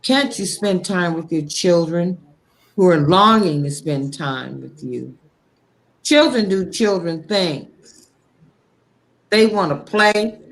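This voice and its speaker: On a talk show, a woman with a lowish, animated voice speaks about faith in a heartfelt, preachy way. She is impassioned and frank, salting her slow, deliberate delivery with blunt profanity.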